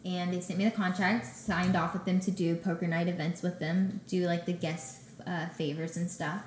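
Animated young woman in an echoey room. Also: on the low side, moderate pace, a little hiss or hum. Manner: animated, acts out her own quotes. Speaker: guest, baker and business owner. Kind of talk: casual storytelling interview. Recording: echoey room with faint ambience.

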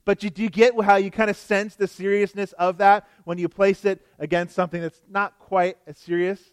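A man's voice: sits high, flat delivery, moderate pace, smooth, dry recording. A male pastor delivering an expository sermon, earnest and emphatic, often asking the congregation rhetorical questions.

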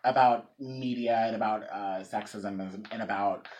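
Profane, animated man retelling a story. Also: fairly low pitch, normal speed, lo-fi sound, slight background noise. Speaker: podcast co-host. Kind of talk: casual chat.

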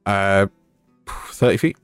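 Relaxed, low-voiced man running the game. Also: slow pace, clean tone, no room sound, faint music behind. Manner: easygoing, descriptive, prompting players. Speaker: dungeon master. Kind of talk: narrating a live-play tabletop game.

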